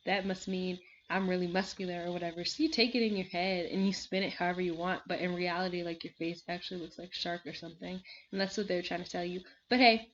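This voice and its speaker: A woman's voice: lowish voice, fast, few pauses, a little hiss or hum. A woman reviewing a reality show in casual chat at home, seated, rambling with many fillers, with frequent laughs and sighs. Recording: slightly dull lo-fi recording.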